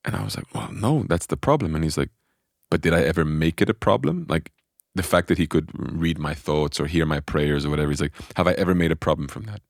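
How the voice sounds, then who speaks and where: Deep-voiced guy on a podcast, dry room, telling his story with lots of restarts. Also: fast, creaky, hardly any pauses, no echo. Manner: animated storyteller, frequent self-restarts. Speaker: spiritual teacher telling a personal story.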